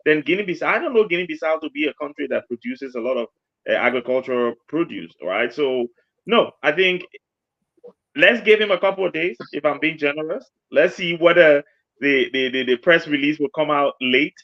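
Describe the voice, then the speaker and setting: A man's voice: on the high side, animated, a little fast, no echo. A man speaking as a panelist in a political discussion, hesitant and searching for words. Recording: dull lo-fi audio.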